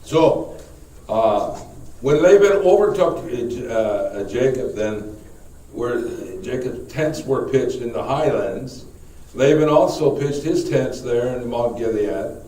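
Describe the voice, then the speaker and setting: A man, a priest, leading a Bible study class, speaking haltingly, repeating words and putting questions to the group. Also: medium pitch, lively intonation, warm tone. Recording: echoey room, mic far off, faint noise.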